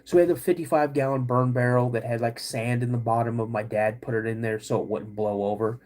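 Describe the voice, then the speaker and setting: A man hosting a podcast, telling a personal story to his listeners in a casual, animated way and acting out the dialogue. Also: medium pitch, fairly quick, background noise. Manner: animated, acts out quoted dialogue. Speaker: podcast host.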